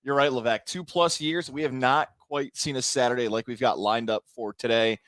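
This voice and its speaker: A man's voice: medium pitch, normal speed, no room sound. Methodical male sports talk co-host. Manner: steady, methodical rundown of standings.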